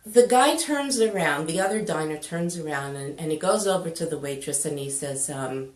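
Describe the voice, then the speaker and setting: A woman's voice: deep voice, normal speed, echoey room. A woman coaching a spiritual audience, telling a moving story with feeling and acting out the people in it. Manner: animated, quotes characters in voices, tearful at moments. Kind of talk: emotional storytelling.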